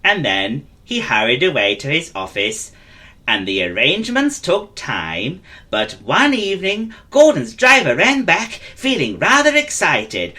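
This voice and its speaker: A man narrating a children's story in a gentle, gossipy way as an impression of a classic storyteller. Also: on the high side, wildly swooping pitch, measured pace.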